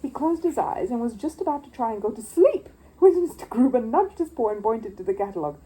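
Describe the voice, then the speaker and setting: Woman storyteller, children's book reading, expressive and lively, mellow tone. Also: a little high, a little fast, low-quality recording.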